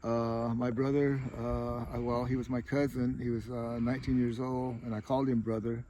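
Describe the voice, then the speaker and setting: A man's voice: mid-range voice, level tone, normal speed, warm tone, highs cut off. Middle-aged guy rambling thru stories outside, lots of "you know", faint traffic hum behind. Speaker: tribal chair candidate. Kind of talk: casual storytelling interview.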